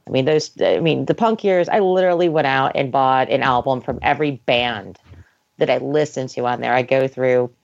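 Woman, podcast guest, very low voice, knowing, casual chat, dull lo-fi. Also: moderate pace, vocal fry. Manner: knowing, chiming in with facts. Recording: dull lo-fi audio.

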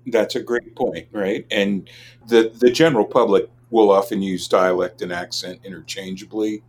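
Deep-voiced man explaining like a scholar. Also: steady tone, a little hiss or hum. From Los Angeles, USA. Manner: measured, explanatory, academic. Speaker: linguist, guest expert. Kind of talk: interview answers.

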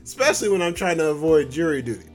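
Over soft background music, a podcast host with a highish voice and lively intonation talks at a quick pace in a casual solo monologue. He jokes around loosely and often bursts into laughter.

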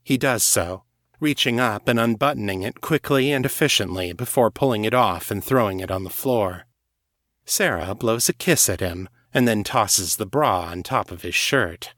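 A man narrating a first-person audiobook story in a measured, even reading. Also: lowish voice, no echo, clean studio sound.

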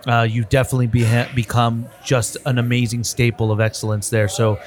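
A man hosts a relaxed workplace chat. He tells stories with a lot of energy, stumbles and repeats words, and keeps his voice in a middle pitch. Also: brisk. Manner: animated storyteller, repeats words, says bro. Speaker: podcast host. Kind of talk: casual conversation.

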